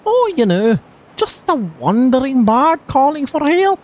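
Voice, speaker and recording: A man's voice: extremely high pitch, very animated, unhurried, voice pushed up, full character voice. A man voicing a cheerful young male wandering bard from a game, reading the lines in an airy, playful way. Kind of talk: reading game dialogue aloud.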